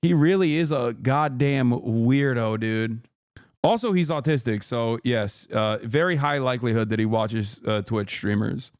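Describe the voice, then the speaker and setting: A male streamer reacts to clips, blunt and swearing freely in an excitable rush of commentary. His voice sits at an ordinary middle pitch and sounds dry and close. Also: measured pace, dry recording. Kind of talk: casual commentary.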